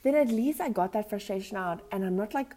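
A tipsy woman co-hosting a casual chat podcast, her voice swinging up and down all the time. She swears freely and talks over her friend, mid-pitched and loose. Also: lively intonation, a little fast, dark tone. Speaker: podcast co-host.

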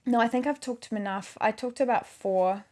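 A woman's voice: fairly high pitch, a little fast, darkish tone. A woman, rambling and correcting herself in casual chat about her video work. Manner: chatty, rambling, self-correcting. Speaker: video maker.

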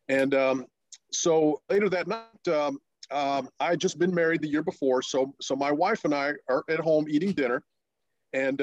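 Halting, storytelling man in a dry room. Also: medium pitch, no echo, lo-fi sound. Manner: halting, many fillers and restarts, excited quoted voices. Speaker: interview guest, former pro pitcher. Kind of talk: storytelling interview.

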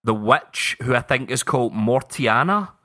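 A Scottish man in casual chat, swearing freely and telling stories with animated quoted voices. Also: medium pitch, normal speed.

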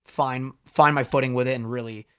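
A man's voice: medium pitch, steady tone, a little fast, clean tone. A man in his twenties co-hosting a podcast, chatting loosely with jokes and swearing. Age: 20s. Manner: loose, swearing, jokey banter. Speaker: podcast co-host. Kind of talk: casual podcast chat.

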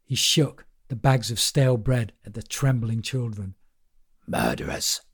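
A man reading a first-person story aloud in a measured, wry storytelling manner. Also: mid-range voice, steady tone, breathy edge. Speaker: audiobook narrator.

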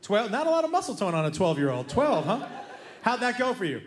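A man doing a stand-up comedy routine, telling a story with animated energy and acting out the voices of the people in it. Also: high voice, a little fast. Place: comedy club stage before a laughing audience. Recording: roomy live club sound with noise.

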